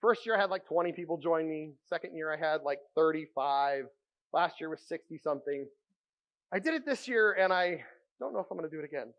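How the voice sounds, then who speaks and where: High-voiced man preaching an animated sermon. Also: brisk, highs cut off. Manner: animated storytelling, drops to a hushed voice for quiet moments. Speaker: pastor.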